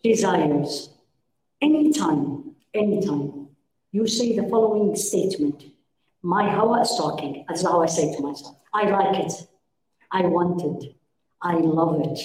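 A woman's voice: on the low side, darkish tone. Woman teaching a class in an echoey room. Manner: engaging, questions the audience, acts out dialogues. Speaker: religious teacher. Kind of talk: lecture to a women's class. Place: room with a live audience.

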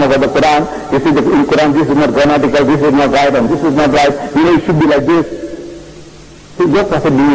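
A man lectures an audience, pressing his points by repeating phrases and acting out quoted exchanges. His voice sits somewhat high and rises and falls a great deal. Clear hiss and noise run under the old recording. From South Africa. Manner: emphatic, repeats phrases, tells stories with quoted dialogue. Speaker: Islamic lecturer. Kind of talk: public lecture with audience questions.

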